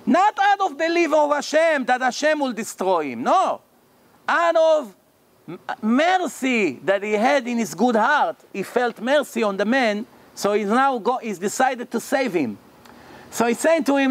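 Animated rabbi telling a story. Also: male voice, very high-pitched, normal speed. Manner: animated, acts out the characters' lines in the story. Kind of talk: storytelling lecture. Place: lecture hall.

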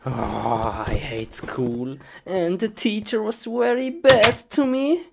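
A woman's voice: medium pitch, takes it slowly, vocal fry. A woman performing a comedy skit, exclaiming a lot in simple, broken English. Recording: noisy recording.

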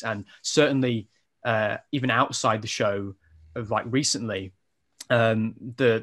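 A man speaking as an interview guest, talking with enthusiasm in a casual chat. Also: medium pitch. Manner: enthusiastic, talks warmly. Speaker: online content creator guest.

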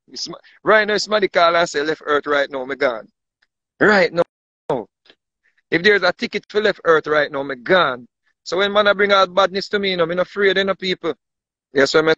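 A man with a high, somewhat bright voice talks a little fast in a Jamaican accent, ranting casually to camera, boasting, repeating himself, and frequently asking if you understand him. It's a dry, dull lo-fi recording.

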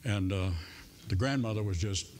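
A man preaching a sermon in a church in a folksy, humorous way, with soft music faintly behind him. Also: fairly low pitch, normal speed, a little hiss or hum. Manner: folksy and humorous, playing out voices in stories. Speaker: pastor. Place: church sanctuary.

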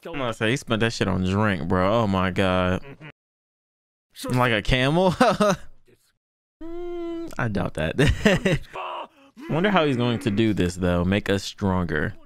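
A young man hosting a casual anime reaction, excitable and slangy, laughing often and breaking into delighted shouts. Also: lowish voice, slow, pauses often.

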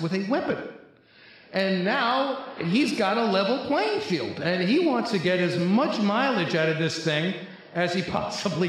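A middle-aged man telling a humorous personal testimony at a recovery convention, acting out the quotes as a comic storyteller on a stage mic. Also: fairly high pitch. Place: large convention hall, live audience. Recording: echoey large hall.

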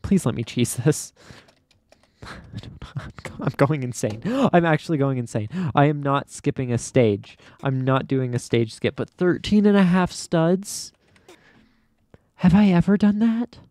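Here a young adult gamer narrates an obstacle course run in casual let's play style, theatrically fed up and frequently laughing at their own mishaps. The voice is mid-range, animated, slightly slow, and a bit mellow.

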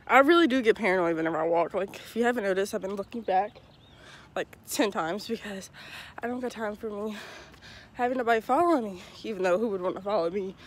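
Holding her phone out at arm's length, a young vlogger rambles through a casual walking vlog in her neighborhood. She speaks fast in a mid-range voice, breathless and poking fun at herself as she goes.

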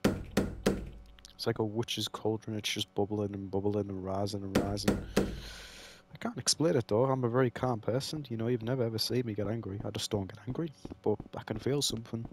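Low-voiced man ranting over a game. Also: fairly even intonation, moderate pace, heavy background noise. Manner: profane, ranting, mock-furious at the game. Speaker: gamer playing a horror game. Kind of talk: let's play commentary.

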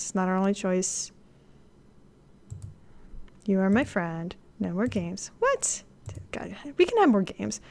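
A woman streaming a live game playthrough, reading the on-screen text aloud and reacting with excited gasps and laughter. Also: mid-range voice, gravelly.

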